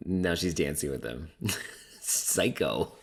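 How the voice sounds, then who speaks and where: Deep-voiced chatty man recapping TV. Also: slow pace, creaky. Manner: chatty, gossipy, heavy use of "like". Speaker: reality TV recap commentator. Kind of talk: casual recap commentary.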